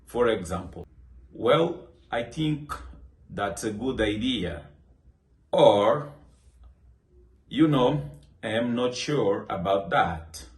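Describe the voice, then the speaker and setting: A man teaching English in a scripted lesson, speaking in slow, deliberate phrases and acting out short example sentences. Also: on the low side, echoey room.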